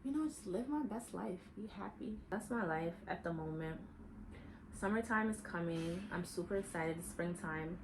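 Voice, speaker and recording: A young adult woman vlogging in a casual, candid chat while getting ready, talking in animated, slangy bursts that jump high for emphasis. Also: moderate pace, noisy background.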